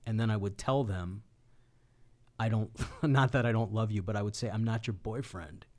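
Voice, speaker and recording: A man's voice: on the low side, brisk. Chatty man in a comedy podcast chat.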